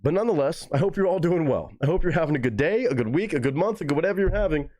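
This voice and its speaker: A young man hosting a live music reaction stream, talking casually and excitedly to his chat with plenty of swearing. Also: fairly high pitch, very fast. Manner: excitable, profane, talks straight to chat.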